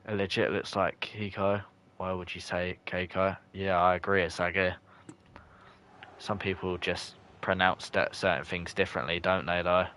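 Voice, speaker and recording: A young man, streaming live, commenting on the match and chatting with viewers, breaking into shouts at close chances. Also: sits low, little pitch movement, moderate pace. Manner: chatty, bursts into shouts at near misses. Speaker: gaming streamer. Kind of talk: live gameplay commentary and chat reading.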